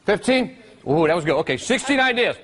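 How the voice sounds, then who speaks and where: A male workshop presenter teaching a live seminar, energetic and constantly quizzing his audience with questions. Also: high voice, quick pace.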